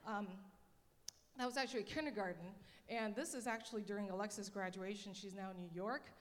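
A woman missionary speaking to a church congregation in a chatty, animated storytelling manner. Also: mid-range voice, fairly quick. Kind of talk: church talk. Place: church hall. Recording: long reverb of a large hall.

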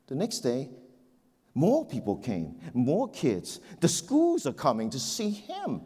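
A middle-aged male pastor telling a joke and preaching in a church, as an animated storyteller who repeats words. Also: medium pitch, slow pace, slightly rough. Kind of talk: sermon with a joke. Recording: long church hall reverb.

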